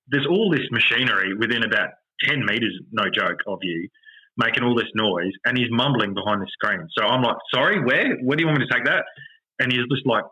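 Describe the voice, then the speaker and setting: An Australian man hosting a podcast, telling a story in an animated, exasperated rant with lots of swearing. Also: medium pitch, breathy edge, dull audio. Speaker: podcast host. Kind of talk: casual storytelling chat.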